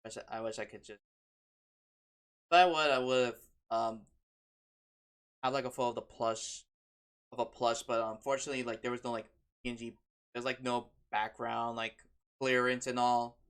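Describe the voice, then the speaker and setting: A woman's voice: rumbling low, steady tone, moderate pace, long pauses. A young woman streaming a game, chatting in a rambling way full of fillers and restarts. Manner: rambling, self-correcting, lots of "like". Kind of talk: casual gameplay chat.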